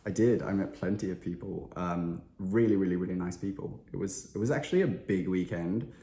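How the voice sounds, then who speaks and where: Low-voiced man, chatty and self-deprecating. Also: brisk, mellow, roomy sound. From Australia. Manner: chatty, self-deprecating, lots of filler words. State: slightly unwell. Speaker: interviewed musician. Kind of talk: casual interview chat.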